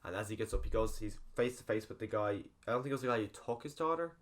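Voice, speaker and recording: A man's voice: lowish voice, animated, quick pace. A man casually recapping a film's plot in a rambling spoiler review, full of fillers. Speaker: film reviewer.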